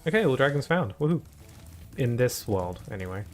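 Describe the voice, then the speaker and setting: A man's voice: medium pitch, big pitch swings, a little fast, a little mellow, faint music behind. A man streaming a video game live, chatting casually and rambling to his viewers as he plays. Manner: chatty and rambling, talks to chat between laughs.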